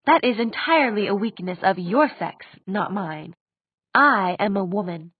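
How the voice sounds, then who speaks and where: A woman's voice: mid-range voice, expressive, measured pace, slightly rough, no room sound. A woman voicing an ancient, proud female demon who speaks coldly and commandingly. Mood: scornful. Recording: dry tinny phone-like sound.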